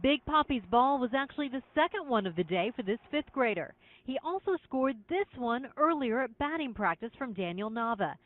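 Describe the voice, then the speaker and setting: A woman's voice: sits high, expressive, a little fast, hardly any pauses. Woman reporter, thin tinny sound. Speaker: news reporter. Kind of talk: scripted news report.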